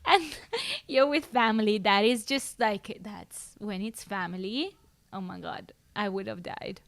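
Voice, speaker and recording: A woman's voice: mid-range voice, unhurried, gravelly, fairly bright tone, no echo. A woman co-hosting a podcast, reading listener stories aloud and giggling through casual chat. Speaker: podcast co-host.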